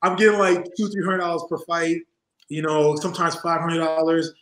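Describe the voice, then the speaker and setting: Briskly and with slight background noise, a somewhat high-voiced man in his forties tells interview stories over a video call. His voice echoes in a room at home. He is animated and loose, laughs frequently, and acts out the voices of the people he describes.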